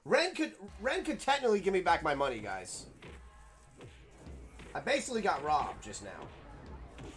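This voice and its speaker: Excitable young man streaming a game. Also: a little high, a little slow, pauses often, soft background music. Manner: excitable, swears, rambling. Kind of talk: casual let's-play commentary.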